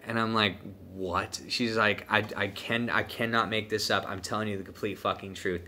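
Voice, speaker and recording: A man's voice: on the low side, steady tone, normal speed, pushed and bright. A young man from the United States telling a long story in a casual, profane, laid-back way, full of "dude" and "man". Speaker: vlogger telling a trip story.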